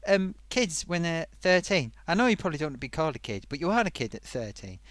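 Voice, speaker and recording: A man plays an affable talking sock puppet hosting a live stream, his slightly raised voice bouncing up and down with lively pitch swings. He rambles playfully and gives friendly advice, recorded close and dry with no room sound. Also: quick pace, dry recording. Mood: chatty. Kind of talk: live stream chat with viewers.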